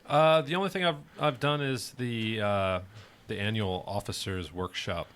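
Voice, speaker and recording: A man speaking on a podcast in a low-key way, trailing off quietly. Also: moderate pace. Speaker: podcast panelist. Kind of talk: casual chat.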